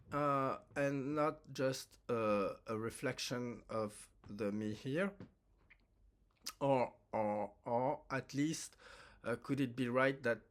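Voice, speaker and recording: A man speaks in a slightly raised voice, slowly and haltingly. He often restarts his sentences as he earnestly puts his question in a personal video message. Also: on the high side. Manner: halting, hesitant, many restarts; earnest, heartfelt. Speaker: viewer asking a question.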